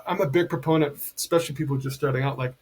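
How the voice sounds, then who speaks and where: Middle-aged male guest, husky, slightly high register; animated storyteller who acts out quotes. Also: very fast. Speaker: podcast guest, healer and medium. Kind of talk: casual conversation.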